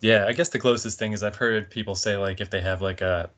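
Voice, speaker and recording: A man's voice: lowish voice, steady tone, fast, fairly bright tone. A man talking casually about a film on a podcast, rambling and laughing often. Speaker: podcast guest.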